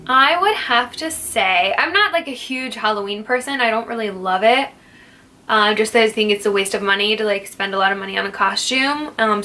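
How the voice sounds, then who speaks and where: A young woman, a fitness instructor, chatting playfully through a casual Q&A vlog, jokey and quick to laugh. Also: a little high, sharp tone. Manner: jokey, playful, not serious.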